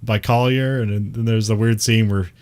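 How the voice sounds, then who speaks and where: A man's voice: on the low side, steady tone, normal speed, a little mellow, smooth. A man co-hosting a casual podcast, rambling through a movie chat with lots of fillers and frequent laughs. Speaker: podcast co-host.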